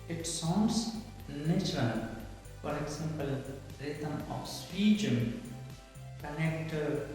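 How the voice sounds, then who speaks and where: A man with a slightly raised voice explains pronunciation in a lesson. He speaks haltingly, fills gaps with "uh" and often repeats phrases. The room rings with a long reverb, and faint music plays behind him. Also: a little high, darkish tone. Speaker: English pronunciation teacher.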